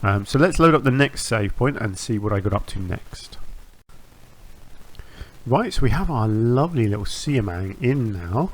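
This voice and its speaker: A man hosting a gaming channel, talking through a zoo-building game in a relaxed, rambling way, often restarting phrases and filling pauses with ums. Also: mid-range voice. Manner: rambling, self-correcting, with frequent ums and restarts. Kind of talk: relaxed gameplay commentary.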